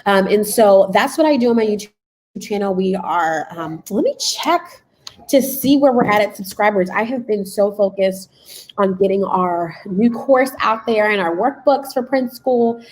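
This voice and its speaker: A young woman hosts a casual livestream training. She is chatty and excitable, repeats herself and leans on fillers. Her voice sits at an everyday middle pitch. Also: unhurried, low-quality recording. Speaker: channel host and business coach. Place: school classroom.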